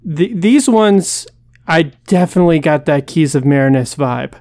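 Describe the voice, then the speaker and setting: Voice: medium pitch, lively intonation, moderate pace, a little mellow, no echo. Chatty podcast co-host with a dry sound. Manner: chatty, hedging with "like" and "um", laughs. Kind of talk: casual commentary chat.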